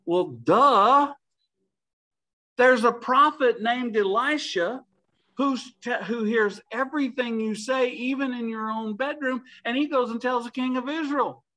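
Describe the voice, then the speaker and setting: Man putting on blunt exasperated male advisors, sarcastic, high voice, mocking tone. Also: a little slow, bright, forceful tone, full character voice.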